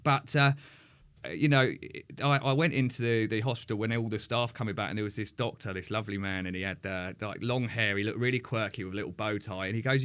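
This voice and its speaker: A man with a fairly low voice, sharing a painful memory as a podcast guest. His delivery is emotional and halting, full of swearing and restarts, in a candid, personal way. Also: fairly even intonation, fairly bright tone, smooth.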